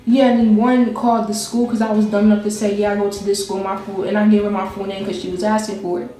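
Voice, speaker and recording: A woman's voice: mid-range voice, flat delivery, fast talker, warm tone. A young woman telling a personal story in casual chat, rambling and laughing as she goes. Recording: very echoey room with faint music.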